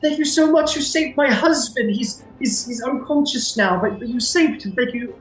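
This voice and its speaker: A man voicing a grateful, anxious young village mother who stammers in a high voice. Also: lively intonation, a little slow. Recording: echoey room, faint music.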